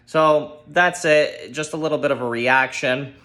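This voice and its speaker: A man ranting about his football team, heated and profane, exasperated, shouting at times. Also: on the high side, unhurried. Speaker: sports fan ranting on his channel. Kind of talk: angry solo sports rant.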